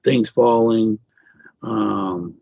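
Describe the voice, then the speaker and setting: A man's gravelly, husky voice comes through in a casual interview. He talks haltingly, full of fillers and restarts. The sound is dry and a little dull, lo-fi. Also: lowish voice, mellow, no echo. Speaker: author guest.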